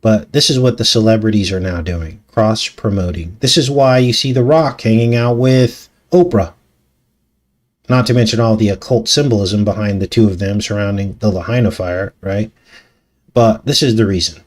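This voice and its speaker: A man's voice: medium pitch, a little mellow. A man hosting a casual live talk show, reading news articles aloud with skeptical, conversational asides. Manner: conversational, skeptical, laughs often, rhetorical asides. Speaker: channel host.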